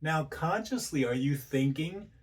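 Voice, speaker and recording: A man's voice: fairly high pitch, lively intonation, a little slow, distant mic. A man giving relationship advice as a coach, speaking directly to the listener and repeating his points with rhetorical questions. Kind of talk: motivational advice talk.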